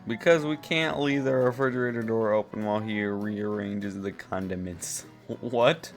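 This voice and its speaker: Man vlogger, casual reaction commentary, incredulous and mocking, lowish voice, faint music behind. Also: normal speed. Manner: incredulous, mocking, laughing, rambling with fillers.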